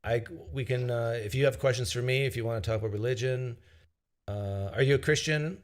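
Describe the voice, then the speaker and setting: A man hosting a live-stream call-in show, joking with callers in a deadpan, mock-serious way. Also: mid-range voice, brisk. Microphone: video-call style live stream.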